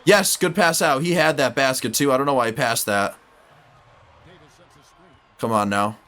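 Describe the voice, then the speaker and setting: A man's voice: mid-range voice, a little fast. Young man narrating a basketball game sim. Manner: talks to players on screen, shouts excitedly at big plays. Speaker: gaming YouTuber. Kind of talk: excited game commentary.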